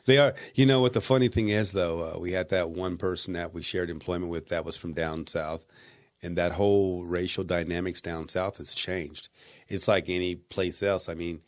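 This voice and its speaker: A man's voice: low-pitched, steady tone, normal speed. A man co-hosting a podcast in casual, profane banter, sounding tired and rambling. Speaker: podcast co-host.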